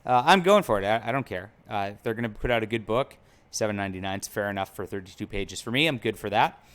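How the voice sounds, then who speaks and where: Man, casual commentary host, chatty, upbeat, lots of fillers, smooth clear voice. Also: fairly low pitch, lively intonation, fast, a bit bright. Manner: chatty and upbeat, with frequent fillers and self-corrections.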